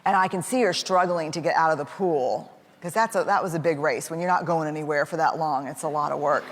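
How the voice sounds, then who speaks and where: A woman's voice: low-pitched, a little fast. Chatty woman in an echoey hall. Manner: chatty, with lots of fillers and laughs; acts out voices of family members in quotes. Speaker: parent telling a personal story. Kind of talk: casual personal storytelling talk. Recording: echoey hall with faint background noise.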